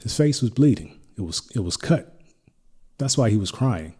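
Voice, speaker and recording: A middle-aged man hosting a podcast, telling a personal story in a reflective, halting way with many restarts. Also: lowish voice, lively intonation, mellow, breathy edge. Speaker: podcast host.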